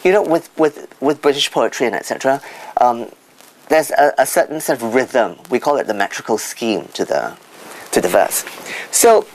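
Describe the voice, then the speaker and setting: A man answering interview questions as an expert guest, teaching word stress by sounding out examples, with lively pitch swings. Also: normal speed, a little hiss or hum, low-quality recording.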